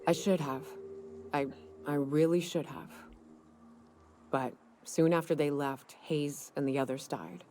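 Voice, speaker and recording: An actress playing a hard-drinking, guilt-ridden woman companion in a video game, speaking bluntly and haltingly. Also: sits low, steady tone, darkish tone, slight background noise. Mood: weary. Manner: blunt, halting, world-weary.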